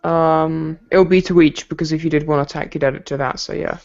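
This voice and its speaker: A man running a tabletop game as game master, relaxed and hesitant with many fillers. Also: on the high side, fairly quick, gravelly. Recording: dull lo-fi home recording.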